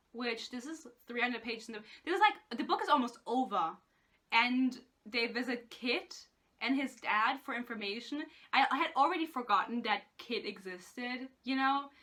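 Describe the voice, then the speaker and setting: A woman's voice: a little high, pushed and bright. A young woman giving a casual, sarcastic book rant, swearing often and filling with "like". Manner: sarcastic, swears a lot, lots of "like". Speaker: book reviewer.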